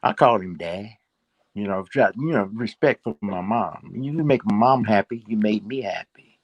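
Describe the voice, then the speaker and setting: A man's voice: fairly low pitch, normal speed, no room sound, lo-fi sound. An older man, a guest in a casual interview, rambling and repeating words with plenty of fillers.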